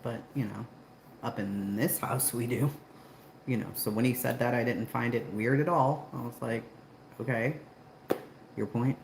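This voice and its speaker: Low-voiced chatty woman in an echoey room. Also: steady tone, moderate pace, vocal fry, pauses often. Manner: chatty, laughs often, talks to her dogs in a high coaxing voice. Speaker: livestream host. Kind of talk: casual chat with viewers. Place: at home, indoors. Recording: very echoey room with background noise.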